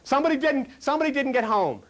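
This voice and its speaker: A man preaching a sermon to a live congregation in a folksy storytelling way, asking the audience questions and swinging between loud lines and a low murmur. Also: expressive, fast. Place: hall before a live congregation.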